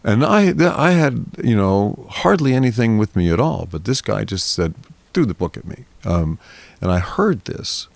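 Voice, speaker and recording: An older man, a guest on a podcast interview, telling a long story in a lively way and acting out the voices of the people in it. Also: fairly low pitch, moderate pace, vocal fry, no room sound.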